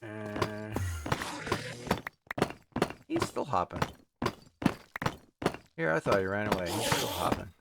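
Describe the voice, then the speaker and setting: A game streamer with a fairly low, creaky, expressive voice takes things slowly, leaving long pauses. He casually rambles through a building game, addressing the creatures on screen, amid loud background noise.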